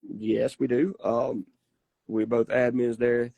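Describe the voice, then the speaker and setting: A man tells wrestling stories in a relaxed, folksy way. He gets emphatic and swears freely. His voice is recorded close and dry, with no room sound at all. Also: mid-range voice, slow, vocal fry, dry recording. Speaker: wrestler guest. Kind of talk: casual interview storytelling.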